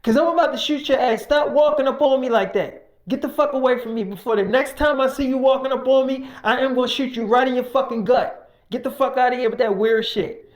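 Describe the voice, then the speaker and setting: A storyteller voicing an angry armed man who curses at workers and threatens to shoot them, in a loud, raised voice. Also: mid-range voice, lively intonation, normal speed, voice pushed up, natural voice. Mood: furious, threatening. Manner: cursing, threatening, shouting.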